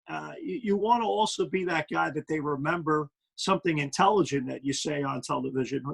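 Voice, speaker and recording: Middle-aged Brooklyn guy, gravelly and a bit high, easygoing rambling guest analyst. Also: a bit bright, low-quality recording. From Brooklyn, New York. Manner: rambling with many fillers. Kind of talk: casual interview.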